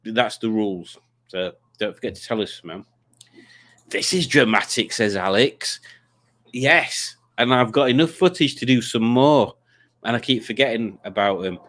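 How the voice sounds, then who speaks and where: A man's voice: mid-range voice, normal speed, a bit bright. Rambling man hosting a live quiz stream. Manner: rambling, stumbling restarts, teasing. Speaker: livestream host. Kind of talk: casual chat reading comments.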